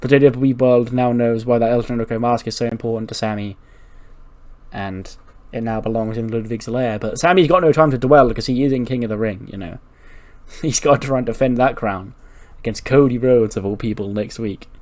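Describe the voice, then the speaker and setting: A man's voice: mid-range voice, fairly even intonation, a little fast, darkish tone. A man hosting a gaming channel, narrating a let's-play in a rambling, casual way, swearing freely and laughing.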